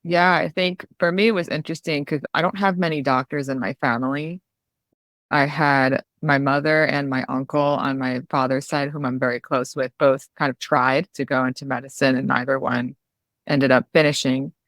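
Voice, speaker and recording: A woman's voice: extremely low pitch, steady tone, normal speed, no room sound, studio quality. A woman guest on a podcast, an emergency physician telling a candid personal story in a chatty way, full of "you know" and "like".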